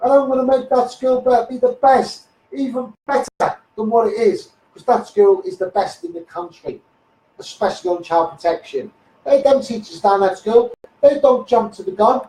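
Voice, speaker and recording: A man's voice: very high voice, moderate pace, warm tone, echoey room, recorded from a distance, poor audio. A man with a Scouse accent in a blunt, rambling live stream rant, repeating "mate" and "you know what I mean". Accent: Liverpool (Scouse). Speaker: local campaigner on a live stream. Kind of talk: ranting live stream monologue.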